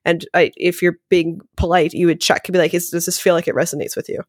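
A woman guest on a podcast chats casually in an animated, rapid way, dropping "like" constantly between her words during this conversational interview. Her voice is on the low side, and the studio-quality recording has no room sound.

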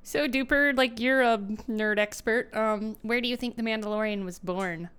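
Woman, podcast co-host, sassy and dry, bright and smooth voice. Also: on the high side, moderate pace. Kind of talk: casual podcast chat.

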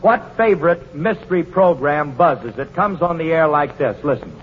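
A man's voice: on the high side, lively intonation. Breezy man hosting a radio quiz. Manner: breezy, joking, quick banter. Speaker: quiz show host and bandleader. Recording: dull, hissy 1940s radio broadcast.

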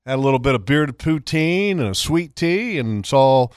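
Male radio host, mid-pitched, casual and talkative, dry studio sound. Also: expressive, normal speed, smooth, no room sound. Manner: chatty, reads ads and marine forecast. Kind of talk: casual talk radio banter.

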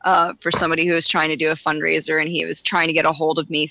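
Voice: medium pitch, level tone, very fast, creaky, pushed and bright, dry recording, rough recording. A guest on a podcast chatting casually, rambling and correcting themself as they talk. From Florida. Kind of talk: casual interview chat.

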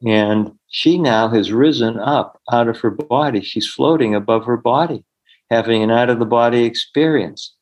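A man's voice: mid-range voice, normal speed, darkish tone, low-quality recording. A middle-aged man, a healer, telling stories in an interview in an earnest way and acting out the voices of the people he quotes. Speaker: healer, podcast guest. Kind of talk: storytelling in an interview.

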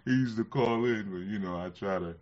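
A man's voice: fairly low pitch, fairly quick, darkish tone, slight background noise. A man hosting a casual livestream who rambles, laughs often and uses a lot of fillers. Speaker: livestream host. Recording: slightly muffled lo-fi sound.

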